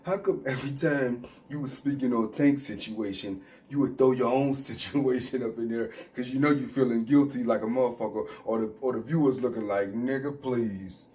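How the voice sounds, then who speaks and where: A man's voice: mid-range voice, fairly quick, few pauses, dark tone. A man ranting in a commentary vlog, heated and mocking, mimicking the people he talks about. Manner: heated, mocking, mimics others in quoted voices. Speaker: YouTube commentator.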